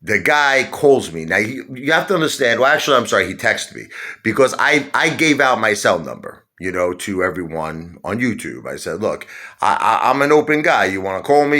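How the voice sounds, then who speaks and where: A man's voice: low-pitched, sharp tone. A man telling a rambling story to his viewers, stopping often to quote other people. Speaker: YouTuber. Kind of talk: casual rant to camera.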